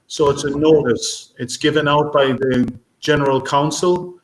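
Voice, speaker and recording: A man giving a conference talk as a marine biologist, speaking haltingly with many fillers and restarts. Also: on the high side, fairly even intonation. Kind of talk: conference talk answering questions. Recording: echoey room, faint noise.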